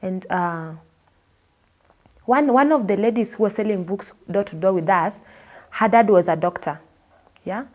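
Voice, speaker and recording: A woman from Kenya with a Kenyan accent, a guest telling her personal story in an expressive way and acting out the people she quotes. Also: medium pitch, a little slow, pauses often. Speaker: interview guest.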